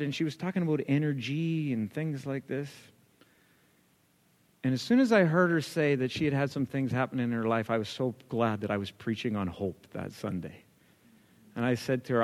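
A man's voice: medium pitch, moderate pace. A male pastor preaching a sermon, telling a story and building up to emphatic, repeated lines. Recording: long hall reverb.

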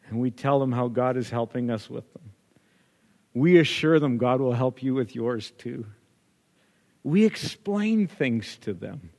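A man's voice: mid-range voice, expressive, a little slow, a little mellow. A male pastor preaching a sermon, telling a story and building up to emphatic, repeated lines. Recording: long hall reverb.

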